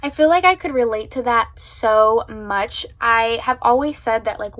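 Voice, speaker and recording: A young woman chatting casually at home as a book vlogger, gushing and emotional, with lots of fillers. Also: on the high side. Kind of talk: casual chat.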